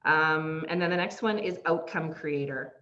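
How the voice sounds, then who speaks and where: A woman coach teaching an online masterclass, talking in an animated way, acting out the phrases she quotes and laughing often. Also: low-pitched, moderate pace. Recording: slightly dull lo-fi audio.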